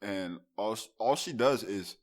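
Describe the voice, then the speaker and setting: A man's voice: fairly low pitch, measured pace. A man co-hosting a podcast, telling a story with lots of laughter and expression. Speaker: podcast co-host. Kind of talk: casual storytelling chat.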